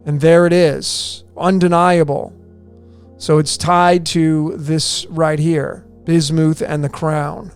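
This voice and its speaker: Guy with a high voice hammering on his decode theory, asks and answers his own questions, soft music behind. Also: little pitch movement, slow pace, clear, resonant tone. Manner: emphatic, rhetorical questions, repetitive. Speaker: video presenter. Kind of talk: conspiracy decoding presentation.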